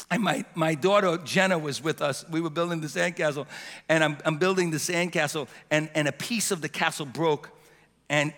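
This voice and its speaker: Pastor, man in his fifties, bright ringing voice, sermon in a church with long reverb. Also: a little high. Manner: passionate, building to shouts and dropping to soft prayer. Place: church sanctuary.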